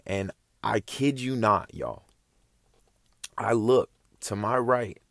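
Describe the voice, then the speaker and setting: A man's voice: fairly low pitch, lively intonation, takes it slowly, creaky, no room sound, clean studio sound. A young man casually telling a story, laid-back and slangy, rambling along with loose phrasing.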